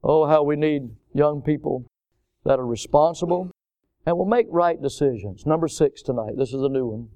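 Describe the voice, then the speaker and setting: A man's voice: fairly high pitch, normal speed, dark tone. A man preaching a sermon, emphatic, repeating words and phrases for stress.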